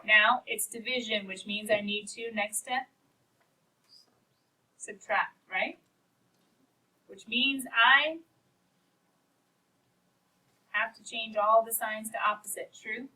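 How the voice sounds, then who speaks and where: This precalculus teacher speaks slowly with long pauses, her fairly high voice staying fairly even and sharp. Encouraging and playful, she treats equations like people in her classroom lecture. A distant mic catches faint background noise.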